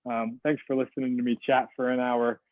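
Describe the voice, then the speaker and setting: A man's voice: mid-range voice, flat delivery, a little fast, no room sound. A man giving a customer service talk over a video call, casual and rambling with fillers and restarts. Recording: dry, phone-like video call audio.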